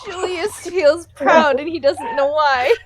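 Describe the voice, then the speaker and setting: Woman player, super high voice, slow and playful. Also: no room sound. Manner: giggly, playful. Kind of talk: tabletop game chat.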